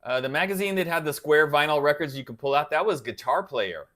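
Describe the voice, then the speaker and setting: A man's voice: fairly high pitch, a little fast. Laid-back man chatting with live viewers. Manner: relaxed, rambling, chatting with viewers by name. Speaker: guitar channel host reading live chat. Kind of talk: casual livestream chat.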